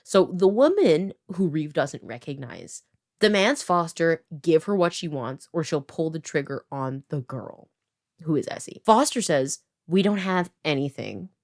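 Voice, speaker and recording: A woman in her twenties from Canada, casually recapping a story in a chatty way full of fillers, briefly quoting characters as she goes. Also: low-pitched. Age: 20s. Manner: chatty, filler-heavy, lots of "like"; animated, quoting characters in quick voices. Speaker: writer and video creator.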